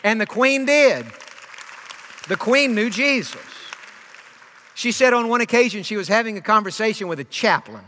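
High, bright-voiced preacher in a big hall. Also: male voice, expressive, moderate pace, pauses often, some chatter behind, a little hiss or hum. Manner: impassioned preaching, swelling then dropping to a hush. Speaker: pastor. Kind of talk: sermon. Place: church sanctuary. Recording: long reverb of a church hall.

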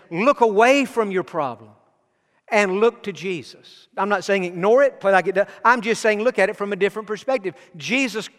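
A man's voice: sits high, fairly bright tone, big-room sound. A middle-aged man preaching a sermon as pastor, earnest and personal, telling stories from his own life. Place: church sanctuary.

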